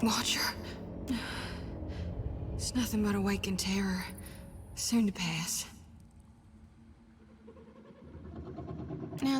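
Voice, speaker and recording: A woman voicing a video game character, a haunted woman tormented by visions of death, speaking in a hushed, often half-whispered, foreboding way. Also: medium pitch, natural voice. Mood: eerie. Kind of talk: voiced video game dialogue. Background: game music.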